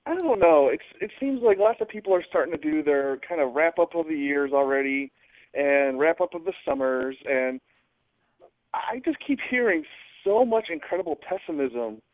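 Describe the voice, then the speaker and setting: A man's voice: a little high, animated, normal speed, dry recording. A man calling in to a podcast, rambling hesitantly with many stumbles and restarts. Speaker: caller. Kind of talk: rambling phone call. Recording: tinny dry phone line.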